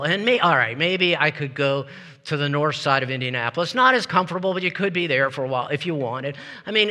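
A man preaching a sermon as pastor, talking in a lively, conversational way and leading his congregation in call-and-response. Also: high voice. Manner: lively, conversational, laughs between points. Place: church sanctuary with congregation. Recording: long hall reverb.

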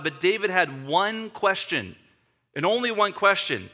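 A man's voice: high voice, sing-song, measured pace, pushed and bright. A man preaching a sermon, telling the story with animation and acting out the scene. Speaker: pastor.

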